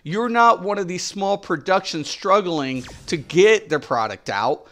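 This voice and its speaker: A middle-aged game streamer rants to his viewers in exasperation, swearing and emphatically repeating his points. His voice is high-pitched, expressive, a bit bright and a little slow.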